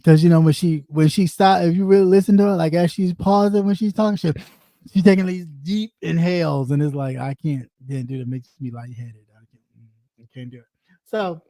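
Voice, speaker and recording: A commentary show host talking in a crude, mocking, profane way, out of breath, with drawn-out eating noises. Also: mid-range voice, mellow, dry recording. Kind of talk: casual commentary.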